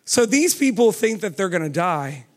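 A man preaching a sermon who keeps asking the audience questions and urging them on with "come on", his pace swinging between quick runs and slow, drawn-out words. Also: sits high, sing-song.

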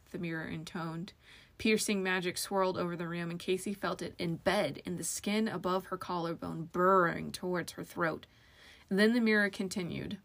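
A woman narrating a fantasy audiobook in an even storytelling manner. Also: lowish voice, normal speed, creaky.

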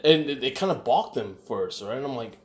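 A man's voice: mid-range voice, animated, fairly quick. A man in casual chat, telling blunt, profane stories and acting out what people said. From United States. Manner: blunt, profane storytelling with acted quotes.

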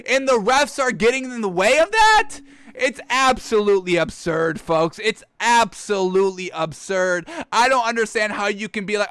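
A man with a very high, bright voice runs a solo football commentary, ranting and swinging into bursts of excitement. His tone is smooth and clear, and it is recorded close and dry with no room sound. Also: moderate pace, no room sound. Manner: excitable, ranting, addresses viewers as folks. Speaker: sports commentator.

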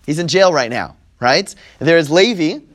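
A man's voice: on the high side, lively intonation, a little slow. Man teaching a text class. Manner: explanatory, repeats words, translates Hebrew text line by line. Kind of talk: classroom Torah lesson.

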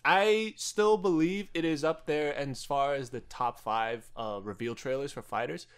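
A man with a New Jersey accent co-hosting a casual podcast chat, animated and joking, laughing often and swearing casually. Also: mid-range voice, measured pace, clean tone. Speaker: podcast co-host.

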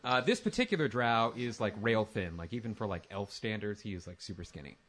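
Low voiced guy dming, rambly, lots of ums, bit of hiss. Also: expressive, a little fast, fairly bright tone. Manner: rambling, full of fillers and restarts. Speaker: dungeon master. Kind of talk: tabletop game narration.

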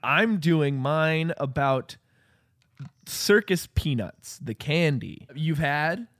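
A man's voice: a little high, animated, slow pace, fairly bright tone, dry recording, studio quality. A man co-hosting a comedy podcast, trading sarcastic wisecracks in casual banter. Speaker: podcast co-host.

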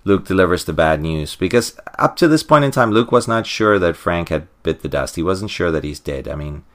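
Deep-voiced man rambling through a comic recap. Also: animated, brisk, fairly bright tone. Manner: rambling, full of fillers and restarts. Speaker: podcast co-host. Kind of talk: casual comic recap chat.

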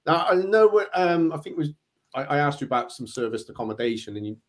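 A man hosting a casual interview, relaxed and joking, asking loose rambling questions. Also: on the high side, fast talker.

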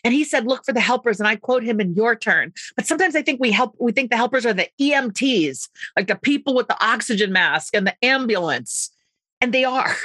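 A middle-aged woman from the United States talks with bright, ringing energy, full of quick asides. Her voice sits close and dry, with no room around it. She tells stories with warm enthusiasm in a relaxed interview. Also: on the high side, husky, dry recording. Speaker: author and podcast guest. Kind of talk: animated conversational interview.

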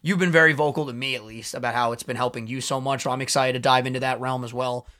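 A man's voice: medium pitch, fairly even intonation, fast, pushed and bright. A man in his twenties co-hosting a podcast, chatting loosely with jokes and swearing. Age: 20s. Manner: loose, swearing, jokey banter. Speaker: podcast co-host. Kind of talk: casual podcast chat.

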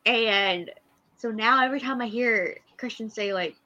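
A woman's voice: fairly high pitch, a little slow, pushed and bright, highs cut off. A woman from Kansas co-hosting a casual fan chat, telling stories with frequent laughter. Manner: giggly, storytelling. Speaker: podcast co-host.

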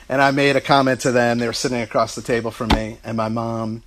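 Brief: middle-aged man, mid-pitched voice, tribute speech, storytelling with light laughter, faint background noise. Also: fairly even intonation, brisk. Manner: storytelling, warm asides, laughing through anecdotes. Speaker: son giving a speech. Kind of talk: heartfelt family tribute speech.

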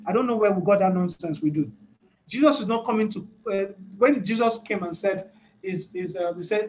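During a sermon, a man whose voice is fairly high for a man speaks briskly and emphatically, repeating each idea to press it home and frequently laughing between points. The low-quality recording carries a little hiss or hum.

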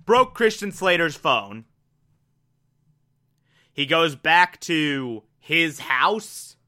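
Male recapper, unhurried, very bright and crisp tone, chatty and loose delivery. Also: high-pitched. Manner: loose, conversational with frequent "like" fillers. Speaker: TV episode recapper. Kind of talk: casual recap.

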